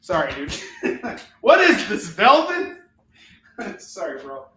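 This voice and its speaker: A chatty man runs a live sale from home, rattling off comic books and prices in easygoing patter. His voice is bright and a touch high, and it rings around an echoey room. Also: huge pitch swings, a little hiss or hum. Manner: chatty, upbeat, laughs often, counts off books quickly. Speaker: host selling comics on a live stream. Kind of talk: casual live sales patter. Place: his home, with kids in the house.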